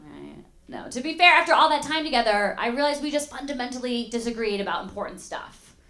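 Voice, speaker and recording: Very animated and a little fast, this young woman has a fairly high, bright and forceful voice. She's doing stand-up in a club, chatting and playing with the audience. The recording is roomy, and the crowd's laughter is audible.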